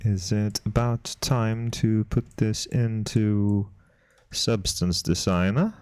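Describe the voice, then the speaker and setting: A male streamer with a low voice talks slowly and easily while he works on stream. His manner is playful and dry, with teasing asides to chat and small chuckles. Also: steady tone, a little mellow, clear, resonant tone, dry recording. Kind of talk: casual live-stream chat while working.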